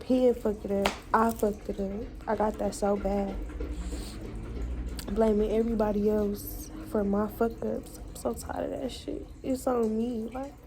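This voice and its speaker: A woman's voice: fairly high pitch, creaky, warm tone, a little hiss or hum, rough recording. A young woman, venting frankly and with profanity in a personal vlog. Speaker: vlogger.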